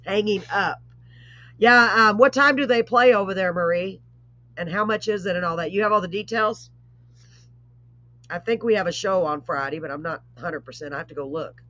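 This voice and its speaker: A woman hosting a live online show, chatting casually with rambling asides and warm blessings. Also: fairly low pitch, fairly quick. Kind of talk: casual live-stream chat. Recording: dull lo-fi stream audio.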